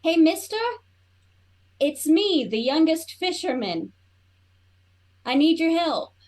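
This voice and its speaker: A nervous young woman in a tabletop game calls out and begs for help, her voice lifted a little higher than usual, as a woman player puts her on. The tone is earnest and a bit anxious. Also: animated, slow pace. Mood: calling. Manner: pleading, nervous.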